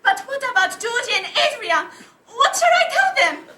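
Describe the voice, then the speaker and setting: A woman's voice: very high-pitched, sing-song, normal speed, bright, forceful tone, a little hiss or hum, heavily acted. A woman playing a giggly flustered housewife. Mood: giddy. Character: flustered housewife in a secret affair. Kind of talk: amateur stage play. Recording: echoey theatre from far off.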